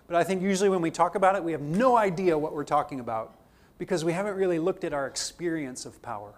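Man lecturing with questions, slightly high. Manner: poses repeated questions to the class. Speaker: theology teacher. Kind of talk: classroom lecture.

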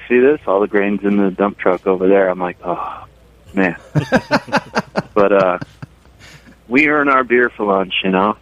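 A man's voice: lowish voice, dry recording. A man calling in by phone, talking casually and enthusiastically about his brewery, rambling with plenty of fillers. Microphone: telephone. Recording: tinny phone line.

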